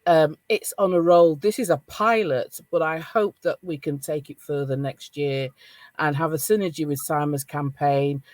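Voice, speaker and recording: A middle-aged woman with a Northern English accent hosting a podcast roundtable over a video call, chatting in a casual, animated way. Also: low voice, moderate pace, no room sound. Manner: animated, laughing, encouraging. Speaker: podcast host.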